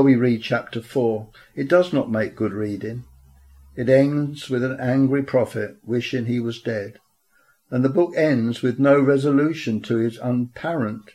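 Male preacher, mid pitch, sermon delivery with scripture reading and rhetorical questions. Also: darkish tone, rough recording. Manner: reads scripture aloud, asks rhetorical questions. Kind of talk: sermon with prayer.

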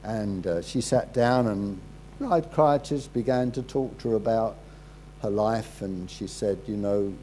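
Slow, low-key preacher man. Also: slight background noise, rough recording. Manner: halting, repeats words, drops low and quiet for serious moments. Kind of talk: sermon storytelling.

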